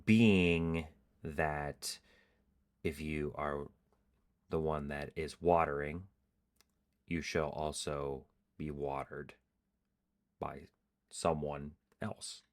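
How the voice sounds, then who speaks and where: A tired man hosting a casual faith podcast, reading scripture aloud in a relaxed, halting way with many fillers. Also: very deep voice. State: tired, yawning. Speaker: podcast host.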